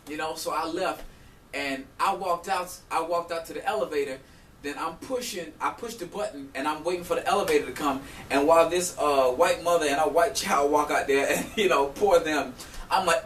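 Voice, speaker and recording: A South Florida vlogger with a slightly high voice, talking at a normal speed, rants heatedly about getting scammed. He speaks AAVE and stays animated and profane, acting out both sides of the fight. The mic sits kind of far, giving a roomy echo over a faint room hum.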